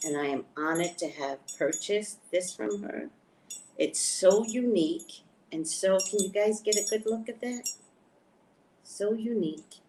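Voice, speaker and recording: A woman chatting casually to her viewers, excitedly showing off things she bought and talking about them. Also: mid-range voice, a little slow, noisy background. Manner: chatty, excitable, shows items to camera. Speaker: spiritual reader and vlogger. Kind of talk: casual live chat to viewers.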